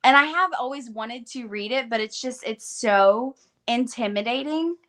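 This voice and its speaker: A woman's voice: on the high side, moderate pace, a bit bright. A woman with a Southern American accent, co-hosting a casual live-stream chat on a video call, giggly and full of "like". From southern United States. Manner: chatty, giggly, lots of "like" fillers. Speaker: readathon co-host.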